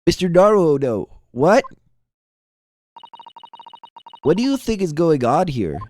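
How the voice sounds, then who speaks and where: A man's voice: fairly high pitch, big pitch swings, moderate pace, a little mellow, pitched above the performer's own voice. Theatrical eccentric young prisoner , as a man puts him on. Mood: indignant. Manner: grandiose, theatrical, alliterative flourishes. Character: eccentric melodramatic young male foreign student prisoner.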